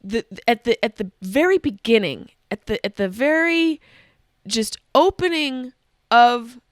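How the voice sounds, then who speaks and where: A woman hosting a podcast, telling a comic story in a profane, animated way and often interrupting herself. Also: fairly high pitch, measured pace, no room sound, clean studio sound. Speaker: podcast host. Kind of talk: comedic storytelling monologue.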